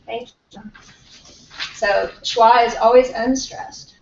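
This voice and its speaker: A woman teaching a pronunciation workshop, modeling words slowly and checking in often with her class. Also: a little high, steady tone, gravelly. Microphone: distant room mic. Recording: echoey classroom from far off, dull and slightly noisy.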